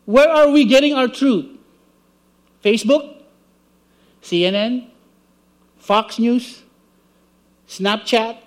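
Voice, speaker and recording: Preacher, male, higher-pitched voice, lively sermon delivery that acts out the voices in his stories. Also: slow pace, pauses often. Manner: animated storytelling, acting out voices.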